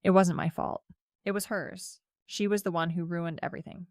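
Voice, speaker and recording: A woman's voice: lowish voice, fairly even intonation, moderate pace, a little mellow, no echo, studio quality. A young woman narrating a first-person story in a casual, chatty way, with lots of "like" fillers.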